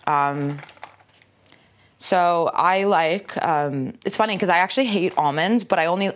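A magazine staffer presents an unboxing, chatting casually in a deep voice with a little hiss or hum in the background. She rambles, using lots of filler words and self-mocking jokes.

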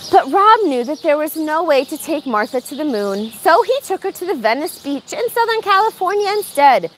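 A woman's voice: high-pitched, normal speed, a little hiss or hum. A woman reading a picture book aloud for storytime in a farm barn. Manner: animated, expressive.

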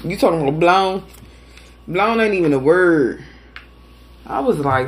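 A young woman hosting a live mukbang chats casually while she eats, playful and animated for her audience. Her voice sits low, at normal speed with long pauses.

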